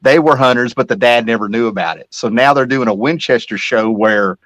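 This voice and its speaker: A middle-aged man chatting casually as host, rambling through nostalgic stories and dropping sentences halfway. His voice sits at an ordinary pitch. The sound is close and dry, with no room echo. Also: fairly quick, fairly bright tone. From Kentucky-Virginia area. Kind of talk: casual chat.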